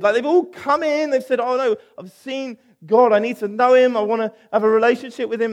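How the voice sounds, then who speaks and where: A middle-aged man preaching a conversational sermon, animated, with asides. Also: high-pitched, fairly quick, few pauses. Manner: animated, acts out quoted voices, conversational with asides.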